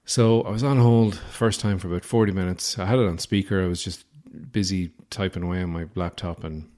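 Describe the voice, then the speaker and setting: A man's voice: low voice, fairly even intonation, brisk, a little mellow. Rambling Irish man telling a comic story. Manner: rambling, self-deprecating, crude. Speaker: podcast host.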